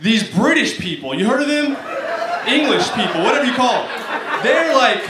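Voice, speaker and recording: High-voiced rambling young male comedian. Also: sing-song, moderate pace, a crowd in the background. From Arkansas, United States. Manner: rambling, self-mocking, many fillers. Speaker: stand-up comedian. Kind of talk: stand-up comedy set. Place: comedy stage. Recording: echoey room from far, clear noise.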